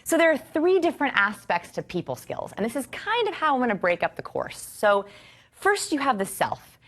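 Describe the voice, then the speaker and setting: A woman in her thirties teaching a course to a live audience, enthusiastic and expressive, asking rhetorical questions. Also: on the high side, normal speed. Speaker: course instructor.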